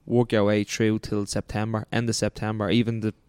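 A man's voice: fairly low pitch, completely flat delivery, a little fast, a little mellow, clear, resonant tone, no room sound, clean studio sound. An Irish man co-hosting a football podcast, laying out his views at length in casual chat. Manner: laid-back, explains at length. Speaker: podcast co-host.

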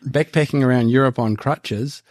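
A man with a New Zealand accent, a guest on a podcast, telling long rambling stories in a relaxed, casual way. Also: mid-range voice, moderate pace, no echo, clean studio sound. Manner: rambling, laid-back, laughs while telling stories. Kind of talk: casual storytelling.

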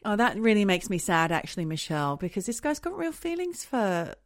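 Woman, comedy podcast co-host, wry reactions, very lively pitch, dry sound. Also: dry recording. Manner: wry quick quips and reactions. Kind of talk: casual comedy podcast chat.

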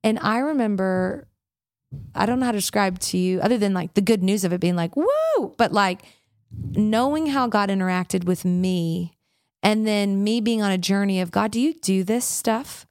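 A woman worship leader in a casual interview, telling stories with lively acted-out quotes and many "like"s. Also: mid-range voice, moderate pace, no room sound, clean studio sound. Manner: animated storyteller, acts out quotes, frequent "like".

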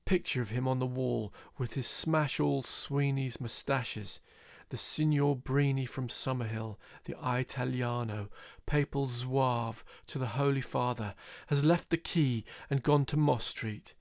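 A man reading a literary novel aloud, telling it in a measured, wry way. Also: mid-range voice, gravelly, no room sound, studio quality. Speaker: audiobook reader. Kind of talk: literary reading with voiced characters.

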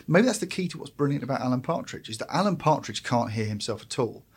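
A man's voice: medium pitch, animated, fast, slightly rough. A man on a podcast, working through long, thoughtful points about comedy. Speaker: podcast co-host. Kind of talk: casual chat.

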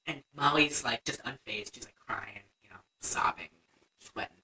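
A woman's voice: low-pitched, a little fast, sharp tone, distant mic, slight background noise, poor audio. A young woman co-hosting a casual chat, animatedly retelling a movie scene and acting out the lines. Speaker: podcast co-host.

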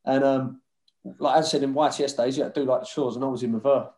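A former footballer tells football stories casually in a medium-pitched voice, fast, in a roomy-sounding space. His storytelling is lively, and he laughs and swears as he goes.

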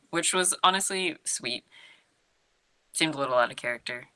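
A young woman co-hosts a podcast, recapping a movie in a chatty, giggly way and acting out the characters' lines. Her voice sits low with a sharp tone, moving at normal speed.

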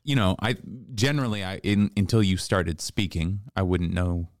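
Male comedian guest, easygoing rambling talker, lowish voice, dry close mic. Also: moderate pace, no room sound. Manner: laid-back, rambling with fillers. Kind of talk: casual chat.

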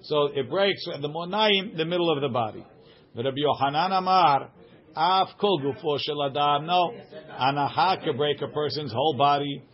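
A man's voice: a little high, normal speed. A man teaching a study group, reading aloud and translating line by line, checking in with "right?". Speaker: Talmud teacher. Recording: dull lo-fi recording.

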